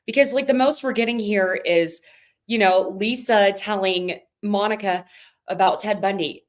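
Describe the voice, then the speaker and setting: A woman's voice: mid-range voice, moderate pace. A woman co-hosting a podcast, chatting casually and animatedly as she recaps a reality show. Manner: chatty, animated, quotes others in put-on voices. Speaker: podcast co-host.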